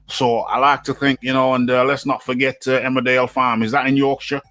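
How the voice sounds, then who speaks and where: A British man hosting a casual boxing chat, animated and laughing often, repeating his words as he goes. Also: mid-range voice, a little fast. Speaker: host.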